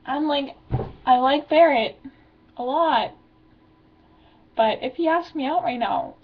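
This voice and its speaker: A woman's voice: high-pitched, slow pace, phone-quality sound, slight background noise. Stressed teenage girl rambling on webcam. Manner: rambling, filler-heavy, anxious venting. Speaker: vlogger. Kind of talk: confessional video diary.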